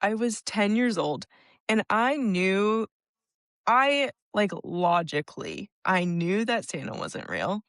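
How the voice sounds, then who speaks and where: A woman's voice: mid-range voice, very animated, slow pace, dry recording, studio quality. A young woman co-hosting a podcast, chatting casually, giggling often and filling her speech with "like.". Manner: giggly, laughs often, many fillers. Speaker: podcast co-host.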